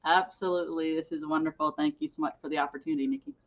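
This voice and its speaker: A woman's voice: low voice, fairly even intonation, very fast. A woman guest on an interview show, speaking sincerely and reflectively over a video call with dull, lo-fi audio. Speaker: guest co-author. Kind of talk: interview conversation.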